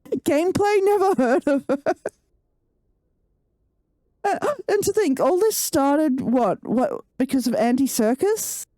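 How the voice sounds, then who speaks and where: A woman's voice: high-pitched, animated, slow pace, pauses often, dark tone, dry recording, clean studio sound. A woman live-streaming a game, ranting and swearing in casual chat with her viewers. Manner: profane, ranting, laughing.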